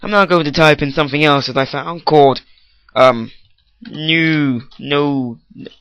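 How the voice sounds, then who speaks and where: This teenage vlogger's voice sits on the high side, unhurried and fairly bright with a clean tone, though the audio sounds dull and has no room sound. Trying out a new microphone, he improvises a rambling, goofy comic rant, frequently breaking off mid-thought.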